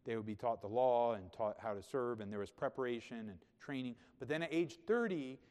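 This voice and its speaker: A man, a pastor, preaching a sermon in a church sanctuary, talking conversationally and building to emphatic, loud peaks. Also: mid-range voice, a little fast, clean tone. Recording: reverberant hall.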